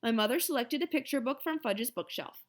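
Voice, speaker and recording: A woman reading a children's novel aloud in an expressive storytelling manner. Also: fairly high pitch, brisk. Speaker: reader.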